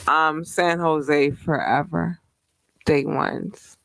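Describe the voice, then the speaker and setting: Slow, gravelly-voiced woman podcast host. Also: sits low, a little mellow, no room sound, poor audio. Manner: loose, affectionate, slangy, swears freely. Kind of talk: casual solo podcast chat.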